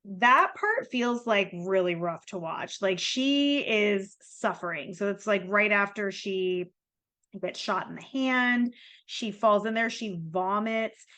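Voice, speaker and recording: A woman's voice: mid-range voice, expressive, slow, pushed and bright. A woman co-hosting a podcast, talking thoughtfully and with empathy about a horror film in a casual chat. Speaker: podcast co-host. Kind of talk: casual movie discussion.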